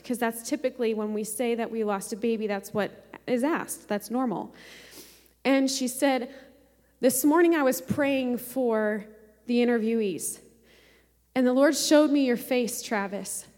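A high-pitched woman in her thirties preaches from the front of a church, telling a personal story with feeling. Her voice rings out with a long hall reverb behind it. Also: measured pace. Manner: emotional storytelling, quotes others in softer voice. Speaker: pastor. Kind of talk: sermon testimony.

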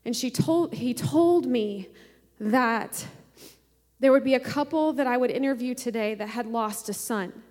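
A woman pastor in her thirties sharing an emotional personal testimony in a sermon, often quoting others in a softer voice. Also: fairly high pitch, a little slow, in a large hall.

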